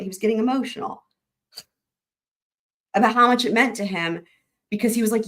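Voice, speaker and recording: A woman hosting a live-stream recap, chatting excitedly and rambling with lots of restarts. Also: fairly high pitch, a little fast, pauses often. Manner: addresses viewers directly as y'all. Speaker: YouTube trial-recap host. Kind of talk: live-stream chat with viewers.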